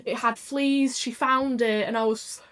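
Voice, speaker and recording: A woman's voice: a little high, fairly even intonation, measured pace, a bit bright, clean tone. A woman talking candidly as a podcast guest, chatty and emotional, often laughing. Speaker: podcast guest, business owner. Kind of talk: candid casual chat.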